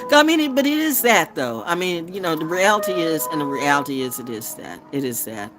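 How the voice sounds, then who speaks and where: Seorang wanita pembaca tarot yang blak-blakan dan suka mengumpat. Nada suaranya naik turun dengan hidup, dan ia sering tertawa atau melontarkan rima spontan. Musik terdengar jelas di belakangnya. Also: female voice, low-pitched, very animated, moderate pace, over music. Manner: profane, blunt, laughs often. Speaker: tarot reader. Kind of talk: casual livestream musing with freestyle rhymes.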